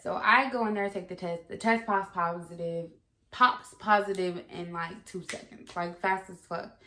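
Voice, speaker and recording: This vlogger, a young woman, has a mid-range voice that sounds pushed and bright, and she talks at a moderate pace. Candid and casual, she recounts something from her life, cursing freely and rambling with fillers. There's slight background noise, and the room is echoey.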